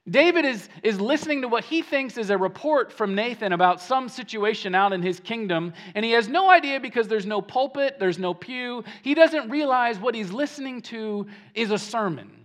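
A man preaching a sermon as pastor, animated and emphatic, often repeating words as he starts a phrase. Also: extremely high pitch, moderate pace, hardly any pauses. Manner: animated preaching, swings between hushed and emphatic.

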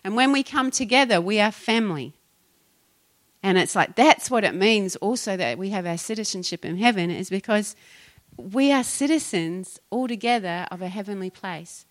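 A woman's voice: mid-range voice, lively intonation, moderate pace. A middle-aged woman pastor with a New Zealand accent, talking casually and chattily, often laughing and trailing off mid-sentence. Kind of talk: casual Christian podcast talk.

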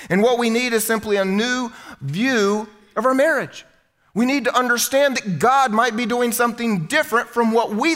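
Male pastor, high voice, animated sermon, questions to the congregation, church, long reverb. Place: church sanctuary.

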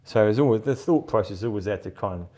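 A middle-aged man guesting on a live interview chats loosely and at length, often laughing and repeating words. He speaks quickly in a lowish, mellow voice with lively intonation.

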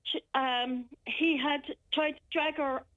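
An Irish woman phoning in, telling a frightening personal account in a halting, shaken way with many restarts. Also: high voice, fairly even intonation, a bit bright. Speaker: caller. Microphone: telephone. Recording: muffled telephone line.

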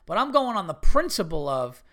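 A man hosting a podcast, telling a casual story in an animated way, swearing freely and rising into indignant bursts. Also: sits high, moderate pace. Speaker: podcast host.

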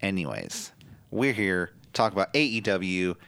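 A man's voice: sits low, very animated, moderate pace, gravelly, a bit bright. A man hosting a casual wrestling podcast, playful and rambling, often stumbling over his words. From Ireland. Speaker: podcast host.

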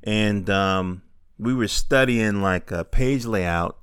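A middle-aged man talks in a loose stream of consciousness, his voice low and smooth. He drifts between thoughts with plenty of fillers and casual swearing. The sound is dry and close, with no room around it. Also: slow, a bit bright, no echo. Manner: loose and digressive, full of fillers and profanity. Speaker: podcaster. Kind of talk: rambling stream-of-consciousness monologue. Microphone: handheld field recorder.

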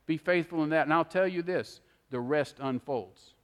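High-voiced preacher in a reverberant hall. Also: male voice, moderate pace. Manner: emphatic, acts out quoted voices. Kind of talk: sermon.

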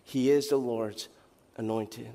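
A male pastor delivering a sermon, retelling a Bible story with lively acted-out dialogue. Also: medium pitch, slow, in a large hall. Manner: animated storytelling, acting out characters' lines. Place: church sanctuary.

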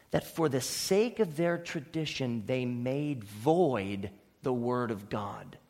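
A man pastor preaching a sermon emphatically, swinging between loud declarations and quiet asides. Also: high-pitched. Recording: long hall reverb.

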